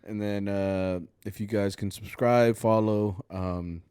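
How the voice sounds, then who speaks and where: Young male co-host, low voice, laid-back and congested, dry close mic. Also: fairly even intonation, takes it slowly, a little mellow, clean tone, dry recording. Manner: laid-back, swears and mixes Spanish phrases, laughs often. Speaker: podcast co-host. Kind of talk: casual chat.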